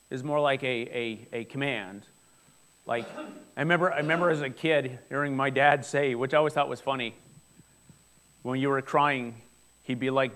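A man in his forties delivers a sermon with a fairly high voice. He speaks earnestly and conversationally, often turning to the congregation with questions. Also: expressive, moderate pace, a bit bright. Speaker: pastor. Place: church hall before a congregation.

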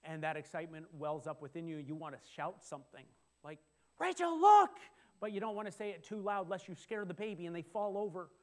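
A middle-aged man preaching a sermon, talking in a conversational way with restarts and sudden excited exclamations. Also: on the high side, fast talker, hardly any pauses. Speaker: pastor.

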